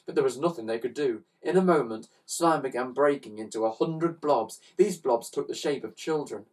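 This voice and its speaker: A man reading a children's story aloud with expressive, animated narration, recorded on a slightly distant mic. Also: medium pitch, normal speed. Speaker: storybook reader.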